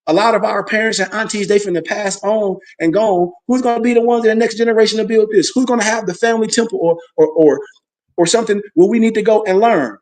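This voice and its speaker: A man teaching a Sunday school class in an emphatic, animated preaching style, calling out to his listeners for responses. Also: sits high.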